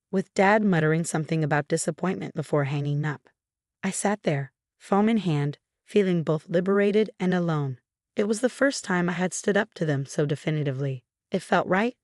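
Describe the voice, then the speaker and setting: A woman reading a first-person story in an even, measured narration, reading the dialogue in her own voice. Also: lowish voice, no echo, studio quality.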